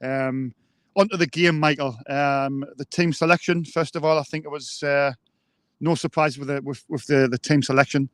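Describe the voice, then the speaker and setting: A man's voice: on the high side, fairly even intonation, normal speed, fairly bright tone, no room sound. A man co-hosting a live football fan show, hesitant, with many ums and restarts. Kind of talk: live fan podcast chat.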